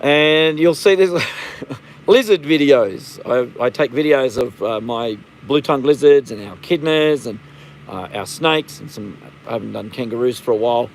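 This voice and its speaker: A man's voice: mid-range voice, moderate pace, gravelly, slight background noise, low-quality recording. Australian man, 50s, livestream host. Blunt, rambling, casually profane. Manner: rambling, blunt, swears freely. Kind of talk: casual live-stream chat.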